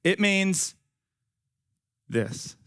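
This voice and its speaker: A man preaching a sermon in a folksy, animated way, talking straight to his congregation. His voice is going hoarse and he is short of breath. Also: sits high, drawn-out words.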